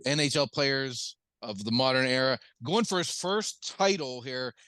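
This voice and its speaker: A man's voice: mid-range voice, unhurried, bright, forceful tone, clear, resonant tone, no room sound. Wry man on a dry-sounding podcast mic. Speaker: podcast co-host. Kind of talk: casual sports banter.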